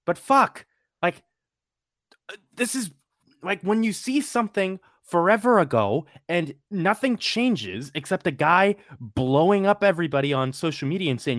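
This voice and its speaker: A man's voice: sits high, animated, measured pace, fairly bright tone, dry recording, studio quality. A man hosting a casual sports podcast, blunt and emphatic, swearing freely. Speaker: podcast host.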